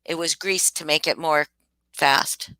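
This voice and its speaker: Low, forceful woman chatting live. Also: unhurried, dry recording, poor audio. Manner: animated, exclaiming in disbelief. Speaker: livestream host. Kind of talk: casual live chat reacting to viewers.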